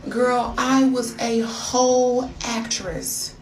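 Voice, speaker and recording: A woman's voice: mid-range voice, measured pace, echoey room, recorded from a distance, background noise. An American woman telling a dramatic, gossipy story straight to her viewers in a casual storytime vlog. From United States. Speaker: storyteller vlogger.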